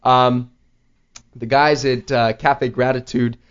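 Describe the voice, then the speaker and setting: A man hosting a show, telling a story in casual chat, rambling with lots of "like" and an animated manner. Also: medium pitch, takes it slowly, clear, resonant tone. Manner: rambling, heavy use of "like", animated retelling. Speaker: podcast host. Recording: slightly dull lo-fi audio.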